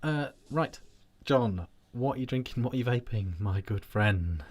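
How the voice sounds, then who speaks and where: A man's voice: mid-range voice, lively intonation, unhurried. A man hosting a casual live show, introducing segments in a laid-back way and repeating his phrases. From United Kingdom. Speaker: host.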